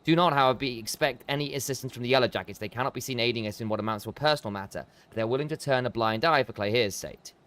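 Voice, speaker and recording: A man's voice: mid-range voice, rapid-fire, few pauses, fairly bright tone, close to an everyday voice. A man reading game dialogue aloud, voicing a stiff, formal quest-giver briefing an ambush in a put-on accent.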